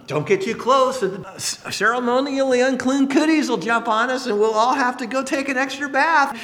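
A man's voice: very high voice, moderate pace, fairly bright tone, echoey room, in a large hall, voice pushed up. A man voicing gossiping, scandalized Pharisees who gasp and fuss in prim tones. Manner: gasping, prim and fussy.

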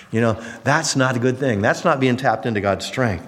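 A man preaching a sermon as pastor, telling stories with lively acted-out voices. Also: mid-range voice, fairly quick, hardly any pauses. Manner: animated storytelling, acting out voices. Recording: long hall reverb.

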